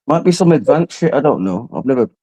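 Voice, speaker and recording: A man's voice: mid-range voice, big pitch swings, fast talker, warm tone. A man chatting casually as host, rambling in street slang. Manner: rambling, slangy, says "you get me". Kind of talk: casual chat.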